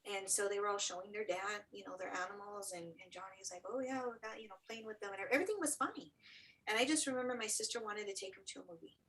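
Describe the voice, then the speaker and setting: A middle-aged woman, appearing as an interview guest, tells a personal story with earnest feeling and acts out what other people said. Her voice is mid-range, fast and slightly bright, and the audio quality is poor.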